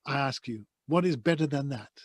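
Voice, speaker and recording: Passionate Dutch-accented man, husky voice. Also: mid-range voice, a little fast, no room sound. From Netherlands. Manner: passionate, emphatic, vivid storyteller. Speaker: voice-over artist guest. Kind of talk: conversational interview storytelling. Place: soundproof home studio booth.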